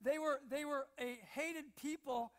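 High-voiced older male pastor preaching. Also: fairly even intonation, a little slow, a bit bright, big-room sound. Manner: storytelling, acts out quotes, repeats words. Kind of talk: sermon. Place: church sanctuary.

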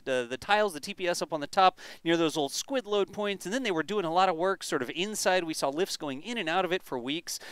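A man's voice: fairly high pitch, a bit bright, clean tone, no echo. A man hosting a casual spaceflight livestream chat, talking animatedly and tossing in rhetorical "right?" questions. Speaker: host.

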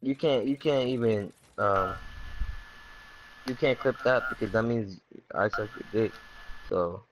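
A man's voice: lowish voice, a little slow, pauses often, lo-fi sound, a little hiss or hum. A young man in a casual game chat on a headset, cracking crude jokes. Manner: crude joking banter. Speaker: gamer in party chat. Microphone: gaming headset.

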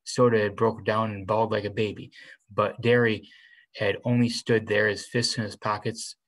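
A man reading a novel aloud in the first person, unhurried, with small restarts. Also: on the low side, little pitch movement, rough recording. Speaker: reader.

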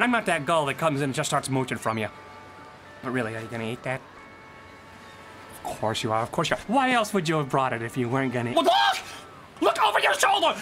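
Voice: mid-range voice, a bit bright. A voice actor playing a scheming, wisecracking male seagull who mooches food in a video game. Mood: wheedling. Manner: fast-talking, sly, theatrical. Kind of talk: video game character dialogue.

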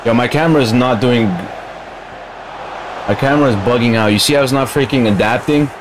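A man's voice: mid-range voice, moderate pace, noisy background. A man streaming a game live, grumbling in casual slang and calling his listeners bro.

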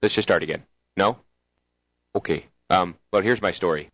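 A man with a Canadian accent giving deadpan comic narration with rambling asides. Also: low-pitched, moderate pace. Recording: dull lo-fi recording.

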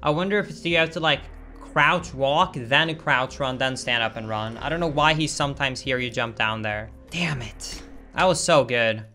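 A man's voice: mid-range voice, a little fast. A young man streaming a speedrun who exclaims often and keeps saying "dude", with faint game music behind him. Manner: excitable, exclaims often, says "dude" a lot. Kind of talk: live gameplay commentary.

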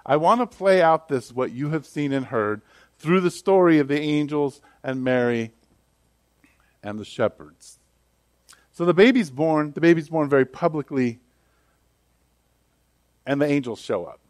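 Male pastor, slightly high voice, chatty sermon delivery with acted-out asides, dry close recording. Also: measured pace, pauses often, dry recording. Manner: conversational and animated, acting out quoted voices.

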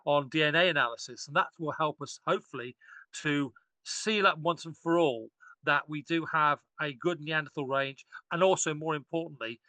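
A man's voice: on the high side, moderate pace, sharp tone, no room sound. A man, an archaeologist guest on a podcast, talking enthusiastically and rambling with frequent restarts. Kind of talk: casual podcast discussion.

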